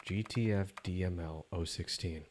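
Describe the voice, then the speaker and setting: A man's voice: low-pitched, normal speed, a little mellow, slight background noise. A young man casually playing through a game on a live stream, joking and reading character lines aloud into a desk mic. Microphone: desk mic with static.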